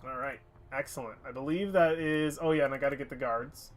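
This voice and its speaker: Speaking fairly quickly in a mid-range voice, a man narrates as game master of a tabletop game, describing scenes with frequent fillers. It sounds like a headset or desk mic on a stream.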